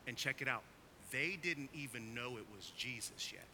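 A man preaching a sermon as pastor, emphatic, swinging from quiet asides to loud, urgent stresses. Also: medium pitch, animated, normal speed, slight background noise.

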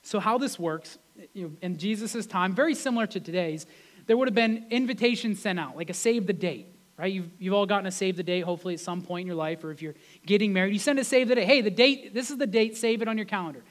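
A man's voice: high-pitched, animated, fast talker. A man, a pastor, preaching a sermon in a conversational way, often checking in with the congregation through rhetorical questions. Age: adult with wife and kids.

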